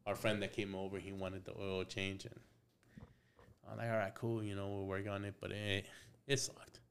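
A man's voice: low voice, completely flat delivery, moderate pace, slight background noise. A man who works as a tattoo artist, telling stories as a podcast guest in a casual, profane, slangy way, dropping in Spanish phrases and acting out both sides of old conversations.

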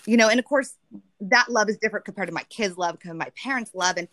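A woman's voice: mid-range voice, fast talker, pushed and bright. A woman talking candidly and emotionally in a casual chat, rambling with many restarts.

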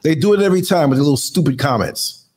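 Emphatic host in his sixties, high voice. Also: animated, fast, a little mellow, husky. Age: 60s. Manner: emphatic, motivational, fights in boxing terms. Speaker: live show host. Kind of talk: casual live-stream talk. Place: indoors under studio lights.

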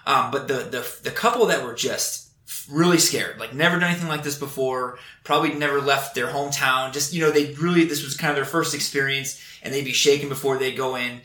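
Quick bright-voiced guy telling earnest stories, lots of restarts, echoey room. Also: medium pitch, steady tone. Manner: earnest, storytelling, many restarts. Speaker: Air Force instructor. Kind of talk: casual conversation.

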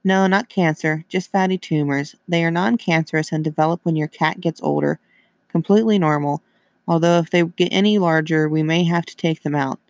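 Storybook role: man reading a reassuring young female vet, slightly high voice, close and dry. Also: fairly even intonation, fairly quick, vocal fry, darkish tone, no room sound. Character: young woman veterinarian, kind and upbeat.

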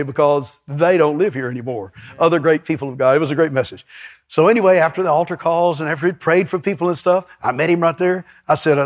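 A male pastor, preaching a lively sermon in a church and calling out to his congregation. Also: a little high, quick pace. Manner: lively, storytelling, calls to the congregation.

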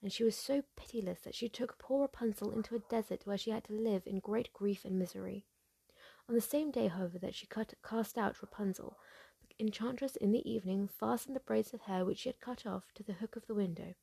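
A woman reading a fairy tale aloud in a soft, breathy whispered role-play, gentle, slow and hushed. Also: mid-range voice, no echo. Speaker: storyteller.

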